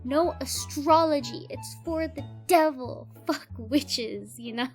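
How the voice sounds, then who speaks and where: High-voiced giggly young woman vlogging. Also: normal speed, few pauses, fairly bright tone, soft background music. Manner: giggly, laughs often mid-sentence; casual and profane, jokey. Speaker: YouTube host presenting cryptids. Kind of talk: casual narrated video, unscripted asides.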